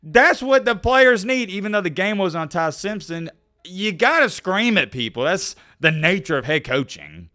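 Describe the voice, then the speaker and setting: A man's voice: on the high side, bright, forceful tone. A man ranting sarcastically and directly to viewers in sports commentary. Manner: heated, sarcastic, talks straight to viewers.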